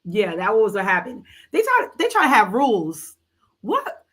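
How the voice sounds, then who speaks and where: Female livestream host, casual book-chat delivery, lively slangy storytelling with teasing side comments. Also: mid-range voice, moderate pace, breathy edge. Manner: animated, slangy retelling with playful asides.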